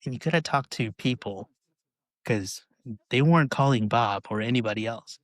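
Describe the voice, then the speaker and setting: A podcast host talks casually in a mid-range voice at a moderate pace, often tagging his remarks with "right?" to check in. The recording is dry.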